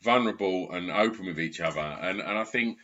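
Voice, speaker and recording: A man with a very low yet bright-toned voice speaks earnestly in a relaxed podcast chat, leaning on fillers. The sound is dull and lo-fi. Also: fairly quick. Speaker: podcast guest. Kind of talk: casual chat.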